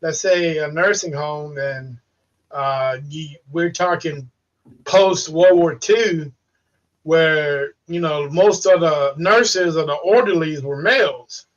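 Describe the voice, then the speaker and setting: A man's voice: fairly high pitch, takes it slowly. A man who investigates haunted places, talking in casual podcast chat, rambling and swearing with repeated words. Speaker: paranormal investigator and podcast guest. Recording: dull distant call audio.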